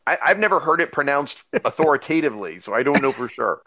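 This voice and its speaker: A man's voice: mid-range voice, very animated, fast, bright, forceful tone, a little hiss or hum. A man hosts a casual podcast in an easygoing, rambling way. His sentences stop and restart, with plenty of fillers along the way. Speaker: podcast host.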